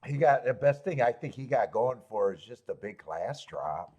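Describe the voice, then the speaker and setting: A man's voice: medium pitch, lively intonation, normal speed, dark tone, breathy edge. A man hosting a live horse racing stream, rambling and joking while greeting viewers in chat.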